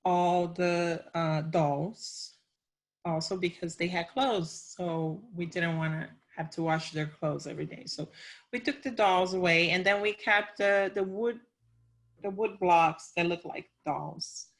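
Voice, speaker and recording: A woman teacher on a webinar panel explaining classroom changes in a halting, self-correcting way. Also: on the low side, fairly even intonation. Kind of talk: webinar talk.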